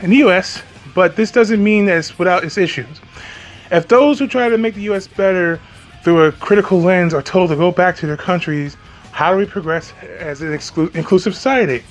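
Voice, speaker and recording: A man with a high voice rants through a reaction commentary, sarcastic and mocking, swearing freely and laughing at his own jabs. Faint music plays underneath. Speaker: commentary YouTuber. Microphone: home recording, off camera.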